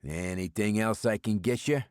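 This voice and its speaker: A jokey, gum-chomping diner waiter with a breezy, wisecracking delivery, as a man puts him on. The voice is lifted above a low natural register. It sounds close and dry. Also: moderate pace, a little mellow, clear, resonant tone, no room sound, natural voice. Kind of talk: audiobook character voice.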